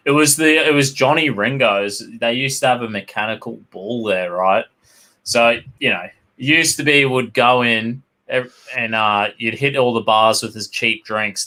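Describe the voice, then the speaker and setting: Australian co-host, crude storyteller, lots of swearing, sharp bright tone, casual banter. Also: male voice, fairly low pitch. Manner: crude, swears constantly, tells rowdy anecdotes. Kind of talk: casual chat.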